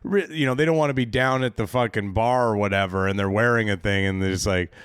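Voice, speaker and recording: A man in a casual podcast chat, his voice smooth and resonant with a dry, close sound and no room around it. He rambles through his points, restarting sentences and swearing casually. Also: fairly low pitch, fast, a bit bright, no room sound.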